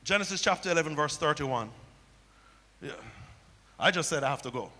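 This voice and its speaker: A man's voice: on the high side, expressive, fairly quick, bright, forceful tone. A man preaching a sermon as pastor, telling stories and repeating key phrases back to the congregation. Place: church sanctuary. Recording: long hall reverb.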